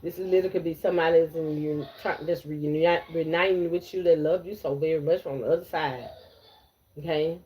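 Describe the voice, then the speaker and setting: A woman's voice: low voice, fairly even intonation, brisk, mellow, slight background noise. A woman giving a blunt, repetitive live tarot reading, talking straight to her viewers. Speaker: tarot reader.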